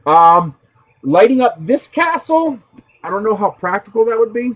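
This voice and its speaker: A man's voice: sits high, expressive, measured pace, pauses often. A man hosting a 3D printing livestream, chatting casually with viewers, telling stories loosely with profanity and frequent laughter.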